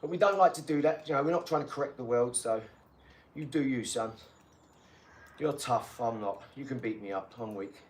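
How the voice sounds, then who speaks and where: A man's voice: mid-range voice, normal speed, slightly rough. A man who is a father, rambling and boastful in casual live-stream chat, mixing in street slang. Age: adult father.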